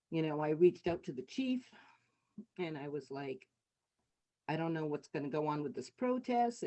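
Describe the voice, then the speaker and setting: A woman's voice: sits low, warm tone. A middle-aged woman and city councilor giving candid personal testimony over a video call. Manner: candid, conversational storytelling. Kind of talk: personal testimony at a community meeting.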